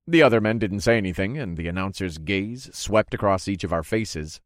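A man with a lowish voice reads a first-person adventure story, his pitch moving freely as he goes. His telling is easygoing and a little wry. The recording is close and dry, with no room sound. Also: animated, fairly quick, few pauses, dry recording. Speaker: narrator. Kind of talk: first-person audiobook narration.

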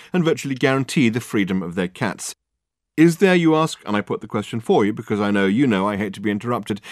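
A man doing a pompous, self-important detective, theatrical and loud, swooping up high, dry close audiobook sound. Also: dry recording, natural voice. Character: pompous, grandiloquent male detective.

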